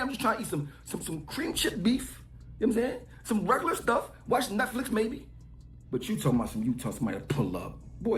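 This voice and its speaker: Fast, mocking man in an echoey room. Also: high-pitched. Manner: taunting, mocking, repetitive. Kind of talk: trash talk rant.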